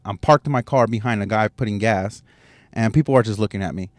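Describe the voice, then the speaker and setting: A man's voice: fairly low pitch, fast, dry recording, studio quality. Profane man rambling in a parked car. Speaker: podcast host. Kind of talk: casual solo podcast monologue. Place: parked car at a gas station. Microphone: handheld microphone, wearing headphones.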